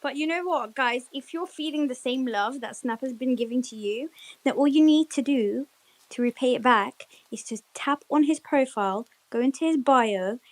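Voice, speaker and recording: Woman co-host, high voice, bubbly, upbeat. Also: normal speed. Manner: bubbly, laughing, upbeat promoter. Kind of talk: hosting a live audio chat.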